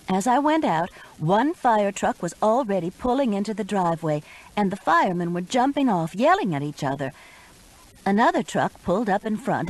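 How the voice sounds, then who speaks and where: A woman's voice: lowish voice, darkish tone, rough recording. A woman narrating a first-person mystery audiobook with urgent expression.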